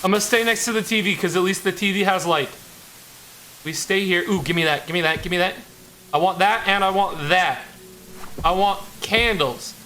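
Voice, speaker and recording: A man's voice: sits high, moderate pace, sharp tone, slight background noise. A man streaming a horror game, talking to himself and to the game in a jittery way, repeating lines when scared. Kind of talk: live horror game commentary.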